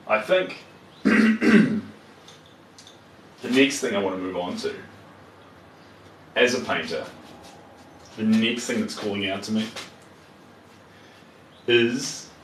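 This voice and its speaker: Slow, low-voiced man painting in a roomy studio. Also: a little hiss or hum. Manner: relaxed, muttering to himself as he works and greeting viewers. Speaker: painter live-streaming his process. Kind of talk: casual live-stream chat while painting. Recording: roomy echo, voice far from the mic, faint ambience.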